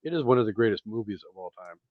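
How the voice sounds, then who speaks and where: A man hosting a movie podcast in casual chat, excitable and swearing freely. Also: on the low side, rapid-fire, no room sound. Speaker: podcast host. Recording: dry, dull lo-fi sound.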